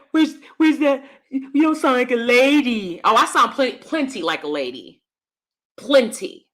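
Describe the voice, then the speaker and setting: Bright-voiced, animated woman host. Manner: animated, swings between a high and a deep put-on register; blunt, laughing asides. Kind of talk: casual livestream commentary, reading chat.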